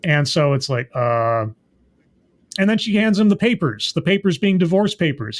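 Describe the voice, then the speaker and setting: A man's voice: fairly high pitch, very animated, normal speed. A man recapping and reviewing a TV episode in a casual, hesitant, thinking-aloud way. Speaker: show reviewer.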